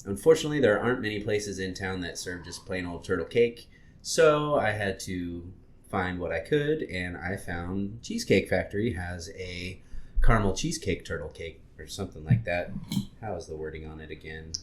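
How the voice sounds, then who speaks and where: A low-voiced man co-hosting a podcast. He chats loosely, describes food and laughs at himself, and the room around him gives his voice an echo. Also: expressive, normal speed. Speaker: podcast co-host. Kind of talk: casual chat. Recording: roomy echo.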